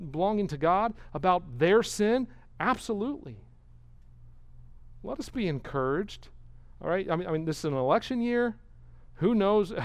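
A man's voice: high voice, a little mellow, smooth, no echo. A man, a pastor, giving an expository sermon with emphatic delivery and rhetorical questions.

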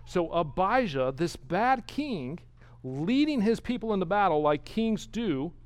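A man's voice: high voice, sing-song, a little slow, no echo. A man, a pastor, giving an expository sermon with emphatic delivery and rhetorical questions.

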